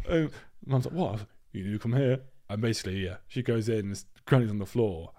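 A man's voice: on the low side, fast. A young man co-hosting a casual podcast chat, telling a story with lots of swearing and acted-out voices. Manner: animated storyteller, swears freely, acts out voices. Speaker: podcast co-host.

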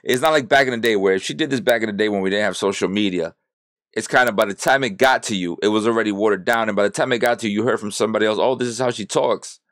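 Deep-voiced man ranting, bone-dry sound. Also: very fast, a bit bright, no echo. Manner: exasperated, blunt, swears freely. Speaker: political commentator reacting to a clip. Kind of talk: casual reaction rant.

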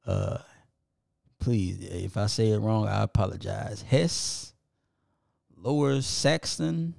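A podcast co-host reads off his listeners' towns at an unhurried pace, with a gravelly rasp in his voice. He stumbles over names he can't pronounce and apologizes good-naturedly. The sound is dry, with no room echo. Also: on the low side, a little mellow. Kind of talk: casual podcast shout-outs to listeners.

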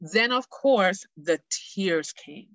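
A middle-aged woman speaking as a guest, telling a personal story in an earnest, heartfelt, animated way. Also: medium pitch, very slow, no echo, highs cut off.

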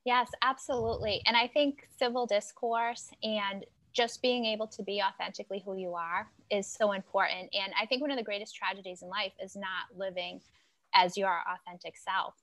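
A woman host asking thoughtful, measured interview questions with some fillers. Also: medium pitch, fairly even intonation, a bit bright, dry recording. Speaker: podcast host.

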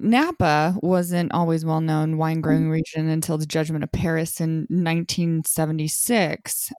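A man interviewing a guest, asking measured, slightly halting questions. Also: a little high, darkish tone, no echo, clean studio sound.

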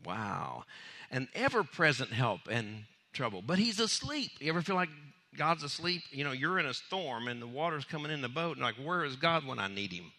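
A pastor preaches a sermon at medium pitch and moderate pace, keeping it lively and conversational. He acts out the voices of people in his story and laughs between points.

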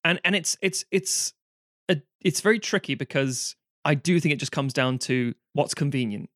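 A man's voice: on the high side, normal speed, a bit bright, no echo. Sweary, sardonic English man, dry sound. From England. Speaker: podcast co-host. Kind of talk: casual film chat. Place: Norwich.

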